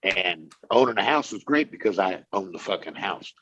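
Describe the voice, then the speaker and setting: Middle-aged man, blunt and profane, husky voice, lively pitch, slightly dull lo-fi audio. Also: moderate pace. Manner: blunt and profane, restarts often. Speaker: podcast co-host. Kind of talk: casual chat.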